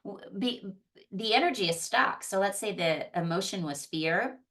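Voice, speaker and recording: A woman's voice: mid-range voice, expressive, normal speed, a bit bright, recorded from a distance. A woman psychologist and yoga teacher giving an earnest, conversational teaching talk, often restarting and repeating her phrases. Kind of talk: teaching talk on emotional healing.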